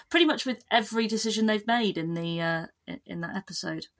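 Woman, podcast guest, casual chat, animated, restarts. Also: mid-range voice, fairly quick, hardly any pauses. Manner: lively, animated, lots of restarts and laughter.

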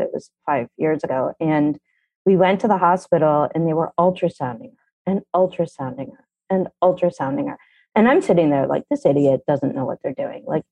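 A middle-aged woman, a mother and parenting columnist, telling a family story candidly with animated, blunt speech and casual swearing. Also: low-pitched, no echo. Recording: dull, dry sound.

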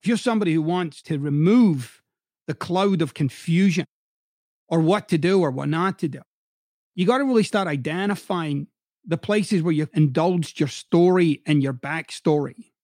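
A man's voice: on the high side, normal speed, a little mellow, no room sound, studio quality. A middle-aged man who hosts a podcast and used to coach, giving a blunt, profane motivational monologue with heavy emphasis. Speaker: podcast host, former coach.

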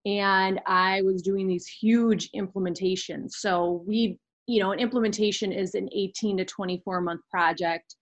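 A woman's voice: mid-range voice, steady tone, normal speed, hardly any pauses. A young woman in her twenties, a podcast guest candidly telling a personal story in an earnest way. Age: 20s.

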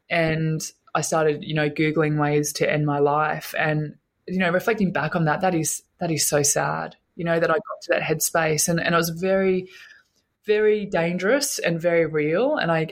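A woman, a guest telling her own story in an interview, earnest and emotional, often repeating her words. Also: sits low.

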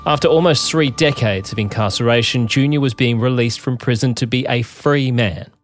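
A man hosting an interview show, narrating in a measured way and reacting with enthusiasm to his guest. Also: medium pitch, faint music behind. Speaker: host. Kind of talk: documentary narration and interview chat.

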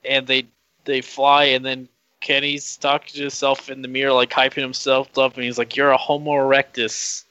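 A man co-hosting a podcast, recapping a film in a halting, hesitant way. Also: medium pitch, completely flat delivery, sharp tone, clean tone, dry recording, dull audio. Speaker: podcast co-host. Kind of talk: casual film discussion.

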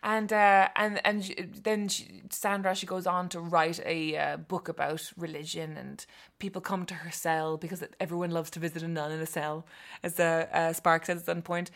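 An enthusiastic woman with a slightly lower voice talks about books she loves. She gushes, laughs easily and speaks in a relaxed, chatty way. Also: moderate pace. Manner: enthusiastic, laughs often, gushing. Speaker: guest. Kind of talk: casual chat about books.

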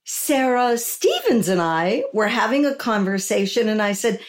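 A woman's voice: medium pitch, sing-song, moderate pace. Woman hosting a podcast, gushy and emotional, chats a lot. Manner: gushing, emotional, chatty. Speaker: podcast host. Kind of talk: effusive podcast interview.

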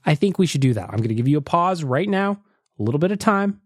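A man's voice: fairly high pitch, big pitch swings, fast, no room sound, studio quality. A man hosting a casual podcast, reading out voicemails with jokey radio-host patter. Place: podcast studio.

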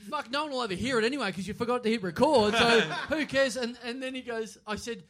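A man's voice: extremely high pitch, fast, fairly bright tone. A man telling a rambling, sweary anecdote on stage at a live comedy podcast, acting out both sides of the argument.

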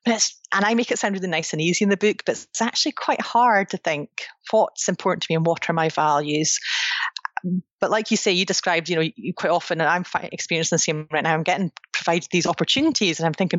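Een Britse vrouw met een wat lage stem legt ernstig dingen uit in een interview, droog en dof opgenomen. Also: female voice, lowish voice, fast talker, no room sound. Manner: earnest, explanatory, with frequent restarts. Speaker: psychologist and author, guest. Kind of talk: conversational interview. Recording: dry, dull lo-fi sound.

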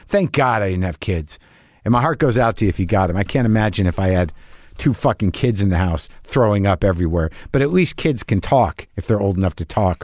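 A man's voice: lowish voice, darkish tone, no echo, clean studio sound. A middle-aged man hosting a podcast, talking in a profane, anxious, rambling casual monologue. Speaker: podcast host.

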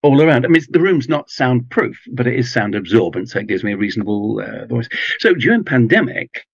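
A man with an English accent, chatting in an interview in a relaxed, rambling way with many ums and restarts. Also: mid-range voice, a little fast, vocal fry, slightly rough, dry recording, dull audio. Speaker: audiobook narrator guest. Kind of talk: casual interview chat. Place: home garage booth with foam pads.

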